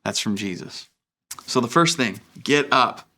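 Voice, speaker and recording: A man's voice: mid-range voice, lively intonation, measured pace, sharp tone. A young man giving a sermon as a pastor, earnest and conversational, with frequent fillers and restarts. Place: church.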